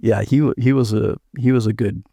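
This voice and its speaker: A man's voice: medium pitch, steady tone, brisk, creaky, dark tone, no echo. An older man, a retired engineer, telling rambling anecdotes in an interview. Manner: rambling anecdotes with restarts and laughs. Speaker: guest, retired chief engineer. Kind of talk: storytelling interview.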